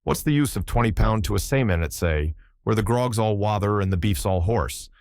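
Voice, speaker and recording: Guy putting on an old irish sailor, low voice, lilting and lively, dry studio sound. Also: moderate pace, dry recording. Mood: gruff. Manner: yarn-spinning, lilting, animated.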